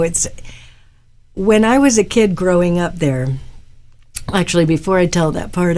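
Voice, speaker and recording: A woman's voice: lowish voice, a little mellow. A middle-aged woman from Florida hosting a live-stream show, chatting casually and rambling through personal stories. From Florida, USA. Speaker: host. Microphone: webcam live-stream mic.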